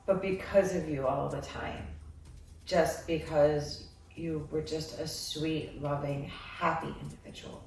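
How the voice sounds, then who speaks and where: A woman giving a psychic reading, talking in a meandering way with many filler ums. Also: low voice. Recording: echoey room, far from mic, faint noise.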